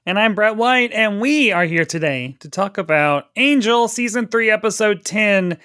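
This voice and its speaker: High-voiced male co-host, wry and self-deprecating. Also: animated, normal speed, sharp tone, clean tone, no room sound, studio quality. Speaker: podcast co-host. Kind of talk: casual chat.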